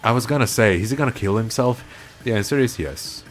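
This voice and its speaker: An animated man gives casual commentary on a game he is playing. His pitch jumps around a lot as he jokes and laughs. Quiet game music plays underneath. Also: brisk. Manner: animated, joking, laughs often. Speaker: let's play host.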